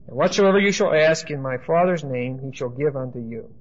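A man's voice: fairly high pitch, normal speed, hardly any pauses, highs cut off. A man teaching a congregation through Bible verses in a conversational way, often checking in with "okay?" and making asides during a church service. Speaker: pastor.

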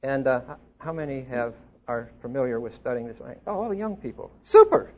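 A man's voice: mid-range voice, animated, quick pace, phone-quality sound. An older man preaching an expository sermon to a congregation, teaching grammar point by point and stressing his key words. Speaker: pastor. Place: church hall before a congregation.

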